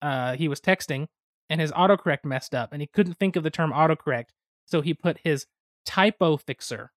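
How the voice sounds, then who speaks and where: A man from the United States, co-hosting a podcast, telling board-game stories in a lively, chatty way with sudden fast bursts. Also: on the high side, dry recording, clean studio sound. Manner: animated storytelling, quick bursts of speed. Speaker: podcast co-host. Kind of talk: casual chat about board games.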